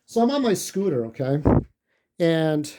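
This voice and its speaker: A man's voice: a little high, big pitch swings, unhurried, noisy background. A shaken-up man telling an angry, profane story about a confrontation in a vlog. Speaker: vlogger. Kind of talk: ranting vlog monologue.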